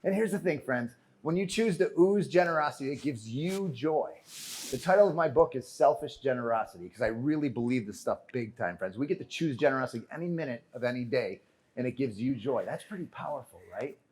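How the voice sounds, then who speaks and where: A man's voice: medium pitch, brisk. A man giving a motivational keynote on stage, telling a story with jokes and calling the audience "friends". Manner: animated, joking, calls the audience "friends". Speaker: keynote speaker. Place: conference stage before a live audience.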